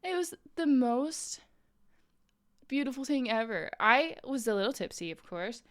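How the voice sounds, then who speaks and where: A woman's voice: high-pitched, big pitch swings, a little slow. Chatty young woman streaming. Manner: chatty, rambling, full of "like" and "um"; laughs often while telling a story. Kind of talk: casual chat with live chat.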